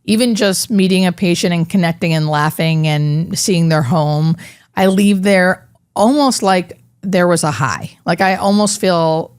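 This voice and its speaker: A middle-aged woman, a hospice nurse, tells a personal story in a rather low voice. She speaks in halting, heartfelt bursts full of fillers. The recording is dry and close. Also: clear, resonant tone, dry recording. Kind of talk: interview storytelling.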